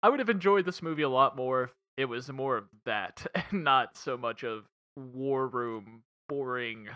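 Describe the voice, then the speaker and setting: A man's voice: medium pitch, unhurried, pushed and bright, dull audio. A man co-hosting a casual film podcast, rambling, swearing and laughing a lot. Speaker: podcast co-host reviewing a film. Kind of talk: casual chat.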